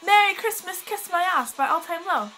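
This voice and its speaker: A teenage girl vlogger rambles to a friend in a put-on British accent, giggly and easily sidetracked. Her extremely high voice is expressive, bright, and forceful at a moderate pace. The recording is rough, with faint pop music behind her.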